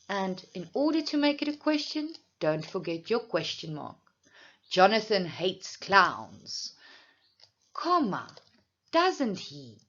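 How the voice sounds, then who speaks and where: A woman teaching a grammar lesson, speaking slowly and deliberately, with clear emphasis. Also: medium pitch, fairly bright tone, lo-fi sound.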